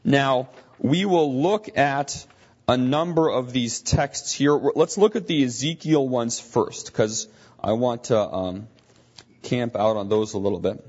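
A man's voice: mid-range voice, slow pace, darkish tone, lo-fi sound. A man teaching a Bible lesson, explaining as he thinks aloud and often restarting his sentences.

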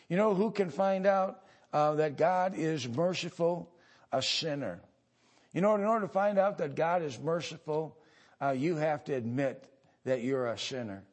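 Slow, halting male preacher with a high voice. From United States. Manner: halting delivery with many pauses and fillers; builds to louder emphatic passages. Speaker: pastor. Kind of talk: sermon.

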